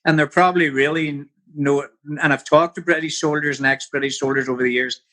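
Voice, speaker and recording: A man's voice: on the high side, steady tone, fairly quick, sharp tone. A man in his sixties with a Northern Irish accent, a podcast guest telling vivid anecdotes in a casual interview. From Belfast.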